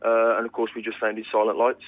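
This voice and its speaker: A man, a band's bassist, answering interview questions in a relaxed way with plenty of ums. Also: a little fast. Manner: relaxed, lots of ums and uhs. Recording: tinny phone line.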